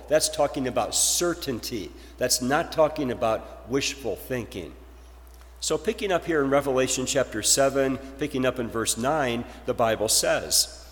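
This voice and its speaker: A man's voice: mid-range voice, long reverb tail. A male pastor delivering a sermon, posing rhetorical questions to his congregation.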